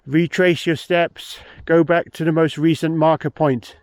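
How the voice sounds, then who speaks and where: A man's voice: a little high, level tone, measured pace, no echo. A man vlogging hiking tips outdoors on a mountain trail, slightly out of breath, giving plain practical advice and repeating his main points. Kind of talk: outdoor vlog with tips to camera.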